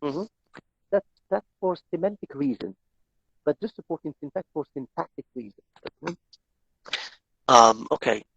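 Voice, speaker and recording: A man's voice: fairly high pitch, expressive, normal speed, vocal fry, pauses often, a bit bright, breathy edge, no echo, dull audio. A male professor lecturing on grammar, explaining step by step, often repeating himself and quizzing his students. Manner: asks students questions.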